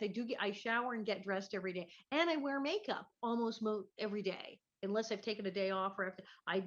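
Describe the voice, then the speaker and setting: A woman's voice: medium pitch, a bit bright. Brief: woman comedian, chatty and self-deprecating, lo-fi home video call sound. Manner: chatty, self-mocking, restarts often. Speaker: guest, actor and comedian. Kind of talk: casual video chat. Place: her living room at home.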